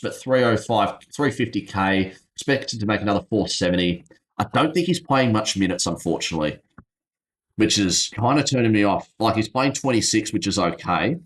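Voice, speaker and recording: A man's voice: on the low side, a bit bright. A man hosting a casual solo fantasy basketball review, rambling and thinking aloud as he checks stats. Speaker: fantasy basketball channel host.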